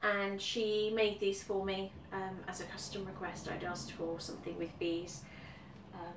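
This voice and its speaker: A woman's voice: mid-range voice, little pitch movement, a little slow. Chatty woman from the UK, roomy sound. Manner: chatty, many ums, repeats herself. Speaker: cross-stitch vlogger. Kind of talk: casual chat. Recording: roomy echo, somewhat far from mic, faint background noise.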